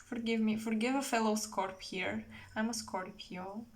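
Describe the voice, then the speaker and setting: A woman's voice: fairly high pitch, fairly even intonation, a little slow. A young woman giving a casual tarot reading, chatty and rambling, with many fillers and self-corrections. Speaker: tarot reader.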